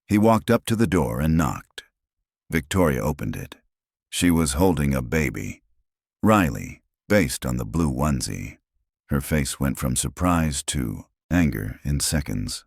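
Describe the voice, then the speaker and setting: Male story narrator, very deep voice, lively delivery, dry sound. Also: a little slow, creaky, slightly rough, no room sound.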